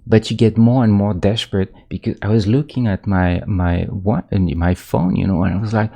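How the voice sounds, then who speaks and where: Casual male streamer, deep and gravelly, halting and rambling, prone to getting worked up. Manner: rambling, halting, full of restarts, gets animated. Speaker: pixel art streamer. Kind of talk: casual chat while drawing on stream.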